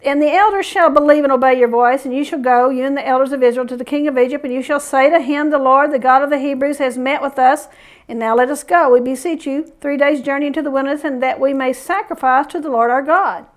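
High-voiced woman preaching from scripture. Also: steady tone, quick pace. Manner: reads scripture then explains it in emphatic bursts. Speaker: Bible teacher. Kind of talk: scripture reading with sermon commentary.

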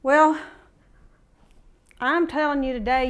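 A woman giving an informal recorded sermon, impassioned and building from quiet reflection to fervent exhortation. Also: sits high, unhurried. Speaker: preacher.

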